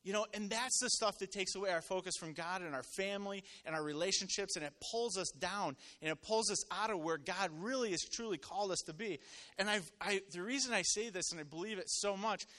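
A man with a high, bright voice delivers a sermon in a relaxed, chatty way. He tells stories from daily life and keeps calling on the congregation to answer back. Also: brisk. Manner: conversational, storytelling, calls on congregation. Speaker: preacher. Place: church hall with congregation.

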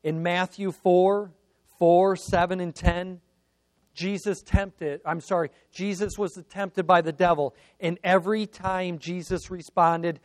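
Slow-preaching high-voiced man. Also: little pitch movement, no echo. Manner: preaching with rising emphatic repetition. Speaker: pastor. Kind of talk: sermon.

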